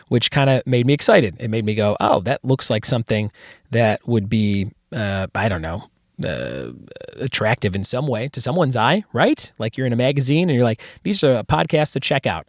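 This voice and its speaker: A man hosting a podcast, his voice hoarse, chatting casually and upbeat with lots of fillers. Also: medium pitch, dry recording, clean studio sound. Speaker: podcast host. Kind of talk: casual chat.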